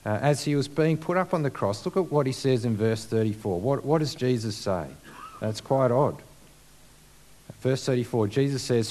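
A man's voice: mid-range voice, animated, normal speed, dark tone. A man preaching a sermon in a conversational way, with many fillers and rhetorical questions.

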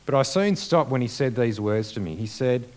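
A man's voice: mid-range voice, expressive, moderate pace, a little mellow. A man preaching a sermon in a conversational way, with many fillers and rhetorical questions.

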